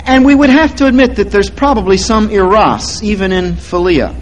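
A man preaching a sermon, slow and deliberate, swelling louder on key words. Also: high voice, animated, slight background noise, poor audio. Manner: slow, deliberate stress on words to teach them.

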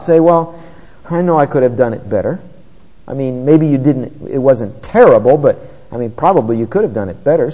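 A man's voice: mid-range voice, lively intonation, moderate pace, mellow, slightly rough. Earnest male preacher, reverberant sound. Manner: earnest, conversational preaching with rising emphasis. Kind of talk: sermon.

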